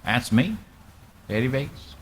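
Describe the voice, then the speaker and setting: A man's voice: medium pitch, sing-song, measured pace, slightly rough. A man talking in a put-on Southern US accent, commentating his own online poker game in a laid-back, profane, joking way. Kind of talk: casual live game commentary.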